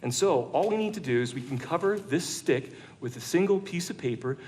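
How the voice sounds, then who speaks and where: A male preacher tells the story to a full church room in a conversational, jokey sermon. His voice sits a little higher than most men's, and he keeps it animated and playful. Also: a little fast, slight background noise. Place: large church room with an audience.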